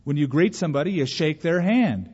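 A man preaches a folksy sermon and briefly acts out the people he describes. His voice sits a little high for a man. The sound is muffled and trails off in the long reverb of a church hall. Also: lively intonation, a little fast, darkish tone, slightly rough. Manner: folksy, plays out quoted voices. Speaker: pastor.

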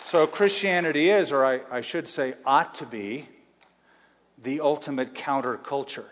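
A man's voice: mid-range voice, a faint crowd, a little hiss or hum. Man preaching in a reverberant church hall. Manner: emphatic preaching, slows for stress, asks congregation to answer. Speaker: pastor. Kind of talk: sermon.

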